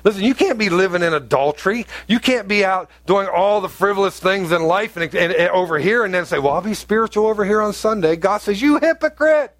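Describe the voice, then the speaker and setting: Man, pastor, sermon, fairly high voice, dry sound, chatty then forceful. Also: a little fast, hardly any pauses, no echo. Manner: conversational preaching, rising to emphatic outbursts.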